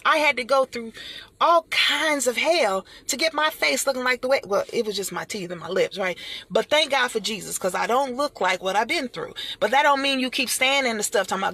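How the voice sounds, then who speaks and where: A middle-aged woman delivers a motivational talk with a preacher's rhythm, calling her listeners honey and y'all. Her voice is husky and a little gravelly, with a bright, forceful edge. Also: on the high side, fairly quick. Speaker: motivational speaker.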